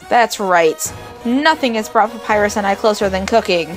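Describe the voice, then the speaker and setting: A woman voicing a brash, hot-headed female fish warrior captain from a video game, blunt and boastful with gruff outbursts. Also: medium pitch, natural voice. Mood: fired up. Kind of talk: reading game dialogue aloud.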